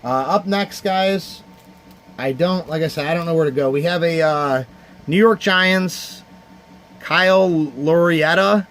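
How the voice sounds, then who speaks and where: A man's voice: fairly high pitch, measured pace, a bit bright, a little hiss or hum. Heartfelt rambling man hosting a livestream. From Cleveland area, United States. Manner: heartfelt and rambling, thanking viewers by name. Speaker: livestream host running a charity card auction. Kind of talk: casual livestream chat.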